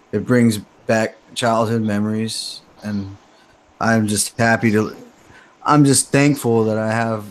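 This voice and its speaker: Easygoing man, faint background hum. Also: lowish voice. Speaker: panelist. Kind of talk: casual chat.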